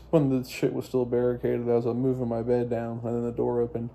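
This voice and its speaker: A young man with a very dark, mellow voice rambles through a personal story. He swears freely and keeps restarting his sentences as he talks. His pitch sits in a middling range for a man. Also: completely flat delivery, a little fast, gravelly, slight background noise. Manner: profane, meandering, frequent restarts and fillers. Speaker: vlogger.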